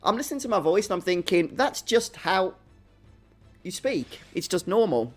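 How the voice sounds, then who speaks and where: Over soft background music, a young Brummie from England commentates his live game stream in a high, sing-song voice at normal speed. He's chatty, reading and answering viewers' messages while laughing at his own expense.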